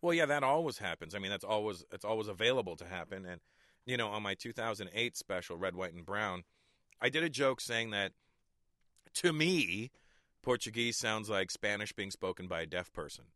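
A middle-aged man, a stand-up comedian, telling stories in a relaxed interview and chuckling often. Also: lowish voice, brisk, dry recording, clean studio sound. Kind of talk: casual interview talk.

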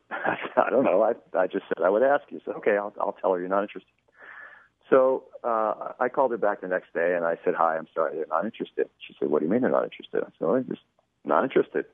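A man with a very deep voice speaks as an interview guest over a tinny phone connection. He talks in a chatty, anecdotal way, acting out quoted exchanges and filling pauses with "you know". The sound is dry and close. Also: expressive, no room sound. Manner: chatty storyteller, acts out quoted dialogue, many "you know"s. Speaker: producer of a radio show.

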